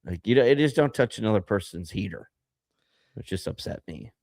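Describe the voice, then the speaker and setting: A man's voice: fairly low pitch, lively intonation, fairly quick, creaky, darkish tone, no echo, clean studio sound. A man co-hosting a casual podcast, ranting and rambling with lots of fillers and laughter. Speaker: podcast co-host.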